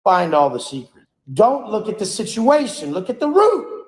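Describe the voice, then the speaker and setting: A man's voice: high voice, big pitch swings, normal speed, echoey room, rough recording. A man giving an earnest, preachy motivational speech about energy and enlightenment. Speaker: motivational speaker.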